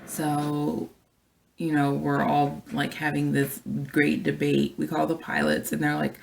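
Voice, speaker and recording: Woman, flight attendant, low gravelly voice, chatty vlog storyteller talking to camera. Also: measured pace, slight background noise. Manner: chatty, animated, addresses viewers directly.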